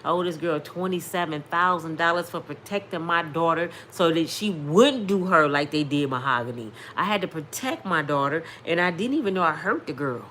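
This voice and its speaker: Woman, 50s, low-pitched, emphatic storyteller, slight background hiss. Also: lively intonation, moderate pace, hardly any pauses, fairly bright tone. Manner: emphatic, preacher-like, addresses viewers directly. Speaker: vlogger sharing testimony. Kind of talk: casual storytelling testimony.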